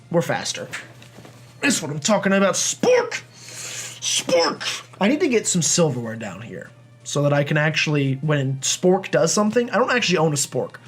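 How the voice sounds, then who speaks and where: A young man hosting a video game playthrough, chatting in a rambling, self-deprecating way as he plays. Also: fairly high pitch. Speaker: let's play host. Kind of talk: game commentary.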